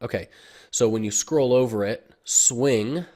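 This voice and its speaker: A man giving a casual screen-recorded software tutorial, explaining step by step with frequent fillers and "okay?" check-ins, recorded on a desktop computer mic. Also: mid-range voice, a little slow. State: has the hiccups. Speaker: online marketing tutor.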